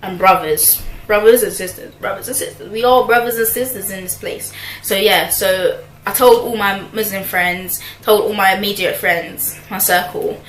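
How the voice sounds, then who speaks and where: A young woman in her twenties talks casually to camera, her speech full of slang, fillers and side comments. Her voice sits at a middle pitch. The room is echoey, with a faint hiss behind her. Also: steady tone, moderate pace. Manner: chatty, slangy, lots of fillers and asides. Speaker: vlogger.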